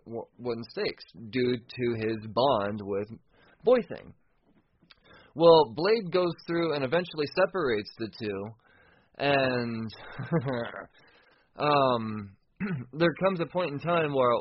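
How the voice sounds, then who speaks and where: A man hosting a podcast, recapping a comic book casually, excitable and profane, often restarting sentences. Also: medium pitch, lo-fi sound, a little hiss or hum. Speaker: podcast host.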